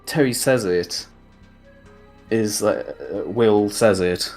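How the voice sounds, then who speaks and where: Man, low voice, casual chat host, rambling recap, mild swearing, faint music behind. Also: takes it slowly, a little mellow. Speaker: podcast host.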